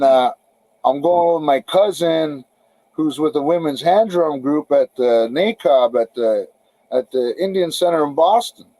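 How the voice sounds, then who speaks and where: A middle-aged podcast guest spins a loose, profane story, stumbling over restarts as he goes. His voice sits a bit high for a man, and the recording is close and dry. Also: a little mellow, no room sound, low-quality recording. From Canada. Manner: rambling, profane, frequent restarts. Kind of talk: casual storytelling interview.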